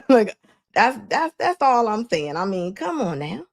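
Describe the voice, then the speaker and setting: A woman's voice: medium pitch, big pitch swings, a little slow. A woman hosting a live stream, giving casual reaction commentary with frequent laughs and preachy asides to her viewers.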